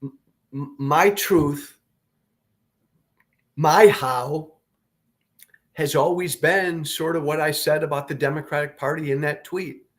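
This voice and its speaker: Male talk host, slow deliberate rant, slightly high voice, blunt and salty, hammers points home. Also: fairly even intonation, a bit bright. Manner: blunt, profane, repeats points for emphasis. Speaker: political talk show host. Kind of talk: opinionated political commentary.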